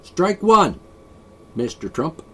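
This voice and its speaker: Guy ranting to camera, kinda high voice, bouncing all over, sarcastic and sighs a lot. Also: sing-song, slow pace, sharp tone, slightly rough. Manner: rambling, sarcastic, sighs often. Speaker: video blogger. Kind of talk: opinionated monologue to camera.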